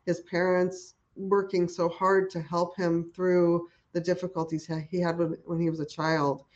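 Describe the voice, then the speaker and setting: The horse-working woman guest goes on enthusiastically in this conversational interview, with many fillers and restarts. She has a fairly low, darkish voice with little pitch movement and a moderate pace, heard through dull lo-fi sound.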